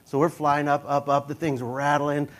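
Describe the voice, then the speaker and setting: Animated young man telling a story. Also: normal speed. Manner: animated, jumps into high panicky voice for his own quoted thoughts. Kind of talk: casual storytelling.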